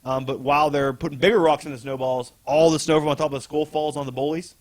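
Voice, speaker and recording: A man's voice: fairly high pitch, steady tone, fast. Rambling man co-hosting a podcast. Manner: rambling, laughs often, swears casually. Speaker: podcast co-host. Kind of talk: casual chat recapping a comic.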